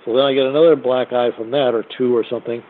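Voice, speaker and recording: A man's voice: medium pitch, fairly even intonation, fast. A man, a musician, telling a blunt and profane story in a casual spoken way. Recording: tinny phone-like audio.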